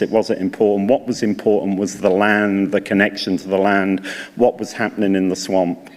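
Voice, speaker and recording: Older man speaking in a hall. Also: medium pitch. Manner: chatty, anecdotal, animated when quoting others. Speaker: university leader addressing graduates. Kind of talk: ceremony speech with storytelling. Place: large hall. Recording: reverberant hall recording.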